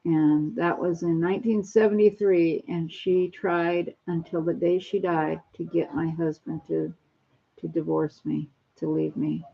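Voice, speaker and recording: A woman's voice: deep voice, little pitch movement, measured pace, vocal fry, husky. A woman in her sixties chatting at home on a phone live stream, rambling from one topic to the next. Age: 60s. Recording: dull lo-fi phone audio.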